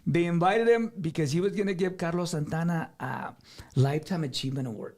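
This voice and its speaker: High, animated man. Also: fairly quick. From South Texas. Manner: animated, laughing, repeats words. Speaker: guest musician. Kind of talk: casual storytelling.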